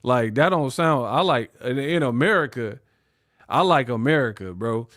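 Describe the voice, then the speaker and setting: A young man hosting a live boxing stream, talking in animated slang. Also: medium pitch, normal speed, no room sound. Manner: animated, slangy, laughs at his own jokes. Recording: dry close mic.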